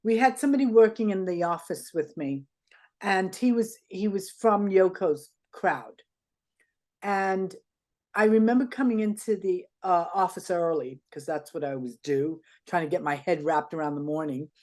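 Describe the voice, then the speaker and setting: An older woman, an interview guest, telling stories in an animated way and acting out the people she quotes. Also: fairly low pitch, normal speed. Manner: animated, acts out quoted dialogue. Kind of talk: anecdotal storytelling.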